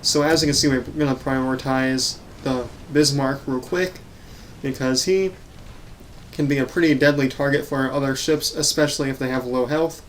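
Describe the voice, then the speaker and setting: Male gaming host, mid-pitched, doing laid-back voice-over commentary with self-corrections, faint hiss. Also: fairly even intonation, normal speed. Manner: casual, self-correcting, some stammering. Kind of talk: voice-over commentary on recorded gameplay.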